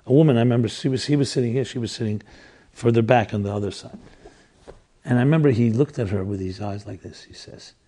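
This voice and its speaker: A man's voice: mid-range voice, quick pace, dark tone. A rabbi in his sixties telling a personal story in an earnest, reflective way, often restarting his sentences. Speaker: rabbi teaching classes. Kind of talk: storytelling lecture.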